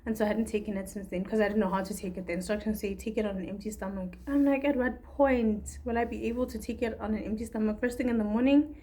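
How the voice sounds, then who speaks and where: A woman's voice: medium pitch, fairly even intonation, quick pace, hardly any pauses, dark tone. A young woman from Africa, talking through a candid, rambling personal video diary. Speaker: vlogger.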